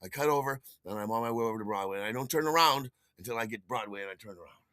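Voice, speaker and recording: A man in his sixties, a podcast host, telling a personal story in an animated way and acting out the dialogue. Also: on the low side, very fast, no echo, clean studio sound. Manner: animated, acts out dialogue with shouted outbursts.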